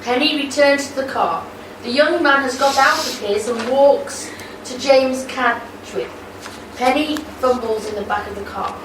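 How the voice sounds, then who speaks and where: A woman's voice: high voice, measured pace. A woman reading the scripted narration of an amateur radio play. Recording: echoey room, from a distance, noticeable hiss.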